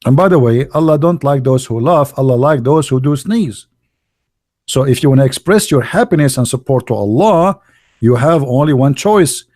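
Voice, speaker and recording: A man talking in a casual, sarcastic monologue, full of halting fillers and mockery. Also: mid-range voice, animated, dark tone, no echo, studio quality. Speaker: online religious debater.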